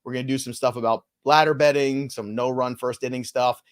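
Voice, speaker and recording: A man's voice: medium pitch, fairly even intonation, fairly quick, clean tone. A man hosting a live fantasy baseball show, casual and playful in his banter with a co-host. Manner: jokey, playful, teasing co-host.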